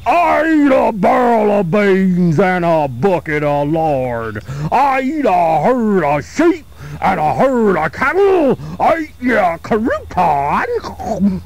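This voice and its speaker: A man voicing a gigantic, mean man who lives under a bridge in a campfire tale, chanting his boasts slowly and loudly. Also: big pitch swings, exaggerated voice. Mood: boastful menace. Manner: slow booming boastful chant.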